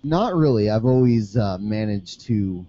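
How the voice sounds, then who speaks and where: A man's voice: on the low side, expressive, measured pace, warm tone, no echo, dull audio. A man on a podcast giving short, hesitant replies in casual chat.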